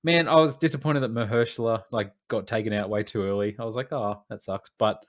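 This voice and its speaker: A man's voice: medium pitch, quick pace. Laid-back male film reviewer. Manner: laughing, animated storytelling with quoted asides. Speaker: podcast co-host, film reviewer. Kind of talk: casual chat.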